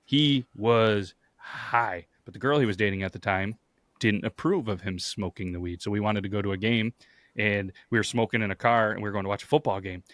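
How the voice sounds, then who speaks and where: A man's voice: lowish voice, fairly even intonation, fairly quick, a bit bright. A man hosting a podcast, telling stories in a laid-back way with crude jokes and lots of fillers. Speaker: podcast host. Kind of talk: casual chat.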